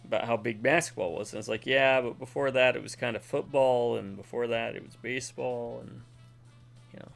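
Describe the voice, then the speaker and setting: A middle-aged man with a gravelly, creaky voice rambles easily between moves in a co-op game. Faint game music hums behind him. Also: mid-range voice, steady tone, a little fast. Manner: laid-back, rambling. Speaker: co-host gamer. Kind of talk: casual gameplay chat.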